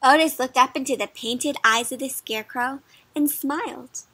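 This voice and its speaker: Woman, kids' read-aloud host, gentle and questioning, high voice, dry close mic. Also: moderate pace, dry recording. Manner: gentle, asks the listener questions. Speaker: children's storybook reader. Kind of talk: interactive read-aloud for kids.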